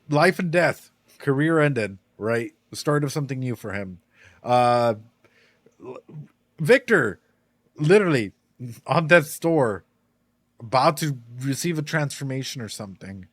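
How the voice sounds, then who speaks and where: A man hosts a casual reaction chat into a desk microphone, emphatic and quick to repeat himself and swear. His voice sits at an ordinary middle pitch, and the sound is dry and close with almost no room around it. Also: fairly bright tone, no room sound. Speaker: reaction show host.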